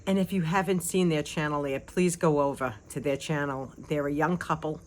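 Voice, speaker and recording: An older woman, a grandmother, chatting casually and lively to her vlog viewers, laughing often, on a phone held at arm's length. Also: low voice, normal speed. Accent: non-local accent. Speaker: vlogger.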